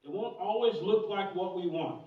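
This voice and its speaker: A man with a high voice preaches a sermon, switching between animated, humorous stories and earnest points. He sounds fairly distant from the mic, and the church room rings around him. The recording is dull and muffled. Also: normal speed, roomy sound. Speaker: pastor. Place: church sanctuary.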